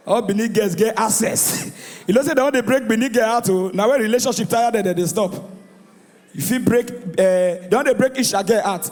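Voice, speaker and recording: A man with a Nigerian accent doing a stand-up comedy routine, animated and shouting his punchlines while acting out the voices in his jokes. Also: high-pitched, moderate pace. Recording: live venue with long reverb.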